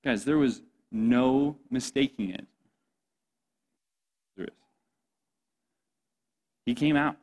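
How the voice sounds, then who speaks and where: A man's voice: medium pitch, takes it slowly, long pauses, a little mellow. An impassioned man preaching a sermon to a young crowd. He speaks earnestly in a mid-range voice and keeps turning to his listeners directly as "guys." He sounds like a youth pastor pleading with his group.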